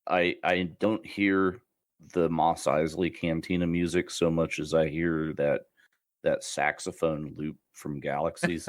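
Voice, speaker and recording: A man's voice: extremely low pitch, flat delivery, measured pace, no echo. A man co-hosting a gaming podcast in casual chat, wry, with stumbling restarts. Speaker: podcast co-host.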